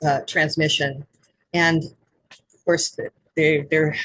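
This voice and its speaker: A woman's voice: low-pitched, flat delivery, slow pace, a bit bright, poor audio. A woman who works as an intuitive guide, explaining spiritual astrology in an earnest way.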